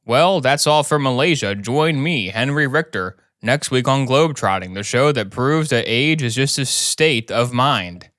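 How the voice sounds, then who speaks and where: A man voicing an aging male TV travel-show host, signing off in a slow, drawn-out way. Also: mid-range voice, expressive, fairly bright tone, no echo, studio quality. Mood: showy.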